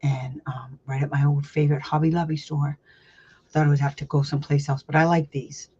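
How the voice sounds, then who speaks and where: A woman's voice: deep voice, flat delivery, a little fast, dark tone, breathy edge. A woman hosting a casual teaching chat as a special education advocate. She rambles, laughs a lot, and talks bluntly with some salty language. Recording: slightly dull lo-fi sound.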